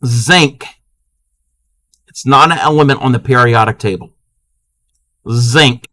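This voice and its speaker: A man's voice: mid-range voice, slow, bright, forceful tone, no echo. A man hosting a casual live crafting stream, chatting playfully with viewers and laughing often.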